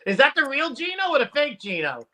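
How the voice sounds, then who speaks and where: Guy with a really high bright voice, dry deadpan jokes, casual chat. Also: brisk. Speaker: guest comedian.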